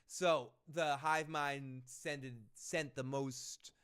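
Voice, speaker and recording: Man, host, casual recap, rambling, profane, smooth clear voice. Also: medium pitch, fairly even intonation, drawn-out words, a bit bright. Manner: rambling, profane, retells scenes with quoted lines. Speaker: podcast host.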